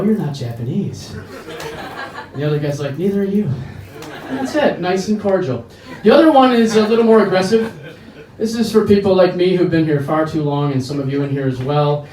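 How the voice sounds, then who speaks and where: A man's voice: on the high side, a little mellow. American male comic, crude rambling stand-up, echoey bar sound. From United States. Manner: crude, rambling storytelling with quick voice switches. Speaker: stand-up comedian. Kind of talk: stand-up set. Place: bar comedy stage. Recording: echoey bar, mic heard from a distance.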